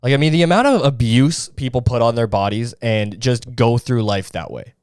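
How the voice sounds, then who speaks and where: A man's voice: mid-range voice, normal speed, a little mellow, smooth, no room sound, clean studio sound. A young man hosting a solo podcast, ranting in an exasperated, profane way about other people's habits. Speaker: podcast host.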